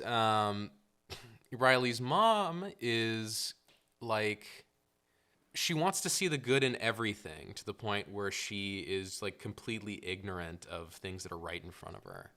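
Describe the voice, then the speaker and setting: Crisp bright low-voiced man, casual. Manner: thoughtful, many "like" fillers. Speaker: podcast co-host. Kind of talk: casual film discussion.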